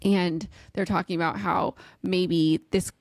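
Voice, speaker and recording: A woman's voice: fairly low pitch, unhurried, dry recording. A woman podcast co-host in casual chat, recapping a novel's chapter with frequent laughs and acted-out quotes. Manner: animated storyteller, laughs often, acts out quotes.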